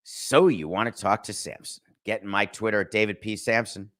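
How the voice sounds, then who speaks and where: A man's voice: on the low side, normal speed, fairly bright tone. A middle-aged man hosting a sports podcast, giving casual, sarcastic commentary and slipping into mock voices.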